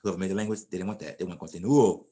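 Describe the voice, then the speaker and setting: A man teaching a Spanish class in a relaxed, casual way, often repeating and restarting words as he explains. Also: deep voice, rapid-fire.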